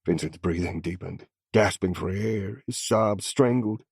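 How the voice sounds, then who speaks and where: A man's voice: sits low, measured pace, vocal fry, hardly any pauses, a little mellow, husky, no room sound, studio quality. A man narrating a first-person crime story in scripted audiobook style, with a menacing, growling delivery.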